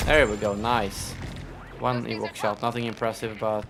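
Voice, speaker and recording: A man's voice: on the low side, level tone, moderate pace, fairly bright tone. A man streaming a shooter game live, chatting casually, thinking aloud, grumbling at his play and thanking donors. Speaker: gaming streamer. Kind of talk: casual live-stream commentary while playing. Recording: clear background noise.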